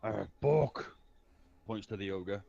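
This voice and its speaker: Gravelly man on a dull mic. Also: fairly low pitch, takes it slowly, warm tone. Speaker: player. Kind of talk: casual game talk.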